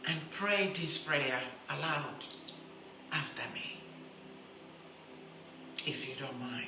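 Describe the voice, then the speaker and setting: A woman preaching a sermon who stresses her points by repeating them and turns soft and intimate when she appeals to her listeners. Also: low-pitched, takes it slowly, echoey room, noisy background. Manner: emphatic, repeats key phrases for stress.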